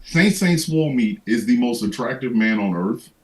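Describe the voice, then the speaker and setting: A man's voice: mid-range voice, lively intonation, normal speed, darkish tone, poor audio. A man hosting a livestream, ranting in casual comedic chat with lots of profanity and stammered restarts. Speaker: livestream host.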